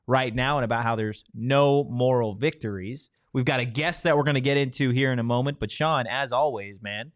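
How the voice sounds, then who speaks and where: A relaxed male sports podcast host. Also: mid-range voice, brisk, hardly any pauses, clear, resonant tone, no echo, clean studio sound. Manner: relaxed, teasing banter. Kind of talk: casual sports show chat.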